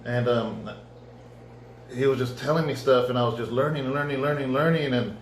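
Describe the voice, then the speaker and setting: A man, a pastor, giving a conversational sermon testimony and acting out his own dialogue in lively storytelling. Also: medium pitch, normal speed, a little hiss or hum. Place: church. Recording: echoey room.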